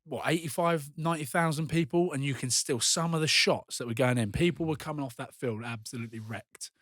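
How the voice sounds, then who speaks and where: A man with a medium-pitched voice breaks down rugby action with lively, animated energy, like a former player chatting on a podcast. The sound is dry and close, with no room echo. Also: a little fast. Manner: animated, talks through match action. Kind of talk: casual podcast chat.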